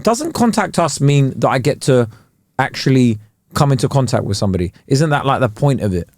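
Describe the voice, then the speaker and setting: A man co-hosting a podcast in casual chat, animated and laughing often, close to the mic in a dry room. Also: mid-range voice, brisk, dry recording. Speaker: podcast co-host.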